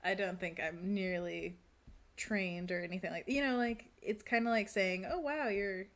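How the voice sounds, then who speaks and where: A woman's voice: lowish voice, steady tone, normal speed. A woman chatting casually while drawing on a live stream, rambling and laughing often, seated at a desk at home.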